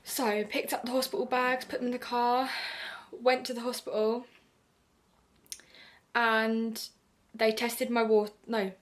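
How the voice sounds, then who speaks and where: A woman's voice: a little high, little pitch movement, a little slow, long pauses. A young British woman telling a personal story to camera in a candid, chatty way, full of fillers and quoted reactions. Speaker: vlogger.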